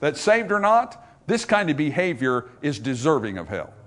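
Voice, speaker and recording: A man preaching a sermon as a pastor at a church service, animated and full of joking asides. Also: fairly high pitch, moderate pace.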